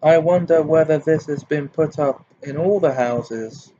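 A man reading aloud and voicing a clever, bossy teenage schoolgirl witch in a brisk, prim manner. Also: a little high, mellow, muffled recording, slight background noise, voice pushed up, lightly acted.

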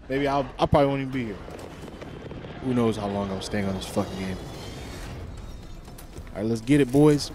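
A man's voice: medium pitch, moderate pace, pauses often, dark tone, faint music behind. A young man streaming a shooter game, chatting casually, joking, cursing and laughing a lot as he plays. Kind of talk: casual live-stream commentary.

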